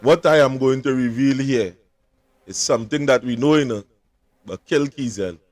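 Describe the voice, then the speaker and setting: A man's voice: mid-range voice, normal speed, a little mellow. A man with a Trinidadian accent hosting a commentary show, addressing viewers in a dramatic, insistent way. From Trinidad and Tobago. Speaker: show host. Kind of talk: emphatic commentary.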